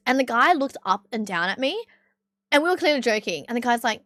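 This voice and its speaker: A woman's voice: on the high side, expressive, fast talker, fairly bright tone, no echo, clean studio sound. A young woman with an Australian accent telling a story to her stream in a casual, rambling way, with many fillers and bursts of laughter. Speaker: livestreamer.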